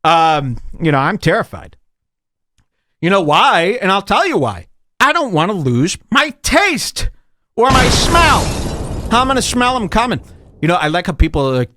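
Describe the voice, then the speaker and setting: Sarcastic man podcast host, lively pitch. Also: normal speed, dry recording, studio quality. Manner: sarcastic, rambling storyteller. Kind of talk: casual comedic podcast chat.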